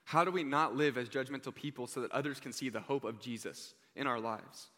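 A young man preaching an earnest, heartfelt sermon, his voice bright and forward. He often sinks to a hushed tone to land a point. Long reverb from the hall trails behind every line. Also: mid-range voice, a little fast.

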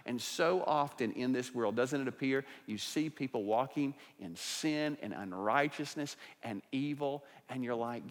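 A male pastor preaches in a mid-pitched voice, swinging from loud, emphatic declarations to quiet, intimate asides. His voice rings with the long reverb of a church hall. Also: measured pace, creaky. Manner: animated preaching with big swings in loudness. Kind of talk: sermon.

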